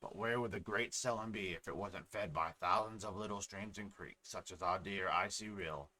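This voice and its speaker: A man's voice: low voice, normal speed, bright, forceful tone. A man voicing a friendly middle-aged village fisherman, talking in a plain, homely way. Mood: warm.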